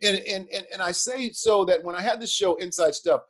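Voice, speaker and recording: An older man, a guest in an interview, telling animated anecdotes with chuckles and repeated words. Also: high-pitched, brisk. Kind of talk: animated storytelling.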